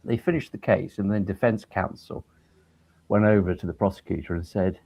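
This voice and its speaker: A man telling lively anecdotes as a guest on a talk show, heard over an online call. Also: sits low, fairly quick, creaky, husky. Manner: animated storyteller. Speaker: guest, a judge. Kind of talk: anecdotal conversation. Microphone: video call.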